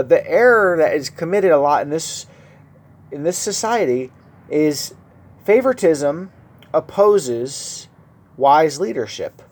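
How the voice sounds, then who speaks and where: Guy preaching a casual sermon, kinda high voice, tells stories between verses. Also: slight background noise. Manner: conversational preaching with personal stories. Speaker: pastor.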